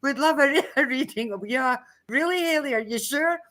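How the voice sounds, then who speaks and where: A woman's voice: high-pitched, moderate pace, fairly bright tone. A woman co-hosting a live stream who reads a comic meditation aloud, then chats casually, laughing often and swearing freely. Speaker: co-host of a live psychic development stream.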